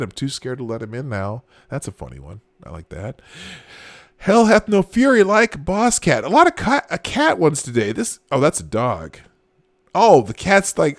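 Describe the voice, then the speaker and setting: A man's voice: on the high side, wildly swooping pitch, measured pace, fairly bright tone, no echo, clean studio sound. A man hosting a casual live show, reacting to online posts with frequent exclamations and laughter. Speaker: host.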